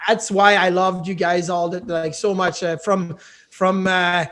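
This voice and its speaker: Middle-aged male guest, notably high voice, easygoing rambling recollections. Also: level tone, measured pace, a bit bright. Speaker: podcast guest, former hockey goalie. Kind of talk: casual chat, reminiscing.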